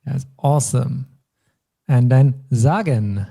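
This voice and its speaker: A man from German-speaking Europe hosts a language lesson at an even, middle pitch. His tone is mellow and relaxed. He explains each point patiently, step by step. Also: takes it slowly. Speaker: language teacher.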